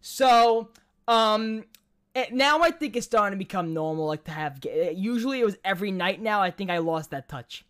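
A man's voice: high-pitched, lively intonation, normal speed, a bit bright, clean tone. A man co-hosting a podcast in casual chat, rambling with many restarts and frequent swearing. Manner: rambling, profane, trailing restarts. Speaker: podcast co-host.

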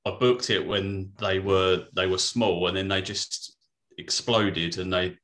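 A man co-hosts a casual podcast chat. His voice sits a little low, and his manner is easygoing, with frequent laughs. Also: steady tone, unhurried, a bit bright. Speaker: podcast co-host.

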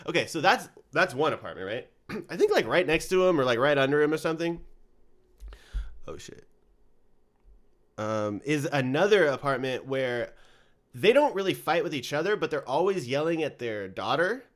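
A man's voice: fairly high pitch, sing-song, normal speed. Swearing, rambling man with a raised voice. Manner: loose, rambling, heavy swearing. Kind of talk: casual chat.

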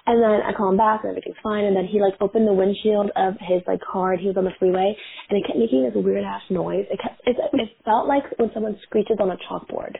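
A young woman with a sore throat speaks in a hoarse, raspy voice with plenty of gravel at the bottom. She rambles through her stories and laughs easily. It sounds like a tinny phone line with faint hiss behind. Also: medium pitch, fairly even intonation, quick pace. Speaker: podcast guest. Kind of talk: casual chat. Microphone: phone call.

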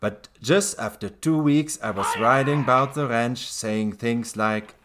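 A man voicing a drawling Montana cowboy who boasts and jokes slowly as a satisfied customer. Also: mid-range voice, noisy background, lightly acted. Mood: boastful. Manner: slow drawl, jokey.

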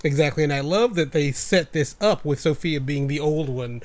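A man co-hosting a podcast with a slightly high voice. He keeps the chat casual and warmly affirms his partner, chiming in with quick agreement before adding his own take. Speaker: podcast co-host.

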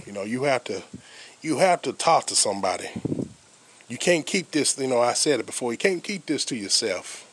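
A man's voice: medium pitch, sing-song, moderate pace, slight background noise. A man hosting an advice podcast, talking earnestly and repeating himself with many fillers and restarts, recorded outdoors in the rain. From United States. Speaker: podcast host. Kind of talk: casual spoken advice podcast.

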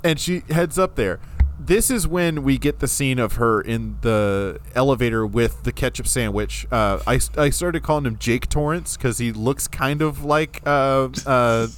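A man co-hosting a podcast, recapping a film in an animated, storytelling way. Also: medium pitch, measured pace, a little hiss or hum. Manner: animated storytelling, acting out scenes. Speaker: podcast co-host. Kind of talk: casual film recap chat.

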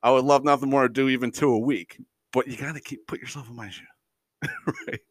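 A man's voice: mid-range voice, fairly even intonation, dry recording. A man hosting a podcast, ranting casually in a profane, exasperated way with lots of rambling asides and chuckles. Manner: profane, exasperated, mocks people in quick impressions; rambling, unscripted, frequent fillers and chuckles. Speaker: podcast host. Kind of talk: casual comedic rant.

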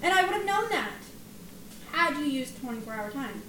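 A woman's voice: sits high, sing-song, moderate pace, sharp tone, slight background noise, poor audio. A young woman co-hosting a podcast, talking in an emphatic, rambling way and swearing casually. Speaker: podcast co-host. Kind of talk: casual chat.

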